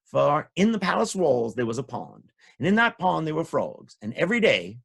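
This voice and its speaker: A playful male storyteller leads children through a tale, coaxing them to join in on the sound effects. His voice leaps widely in pitch, sits high, and carries a gravelly, husky rasp. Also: very animated, normal speed, a bit bright.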